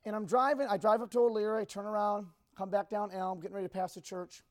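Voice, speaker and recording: A man speaking to a group, telling a personal story in a rambling, halting, emotional way. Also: high voice, flat delivery.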